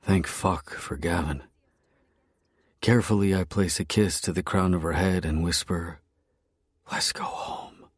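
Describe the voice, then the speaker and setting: A man reads a dark romance story in the first person, his voice sitting very low. The delivery is brooding and intense. The sound is dry and close to the mic. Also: fairly even intonation, moderate pace, slightly rough, no echo. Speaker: narrator.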